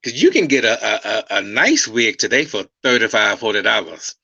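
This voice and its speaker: A man talks through hair care, circling back to his points and tossing in "right?" to keep the listener with him. His voice is bright and a little husky. The sound is dry and close. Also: on the low side, sing-song, moderate pace, no room sound, lo-fi sound. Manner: storytelling, repeats himself, checks in with "okay?" and "right?". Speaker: master stylist guest. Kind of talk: casual interview talk.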